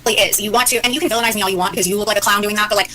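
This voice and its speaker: A woman's voice: mid-range voice, steady tone, rapid-fire, bright, forceful tone, poor audio. A woman arguing defensively on a livestream, exasperated and filling gaps with "like" and "um". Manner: defensive, exasperated, lots of fillers. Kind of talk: heated livestream argument.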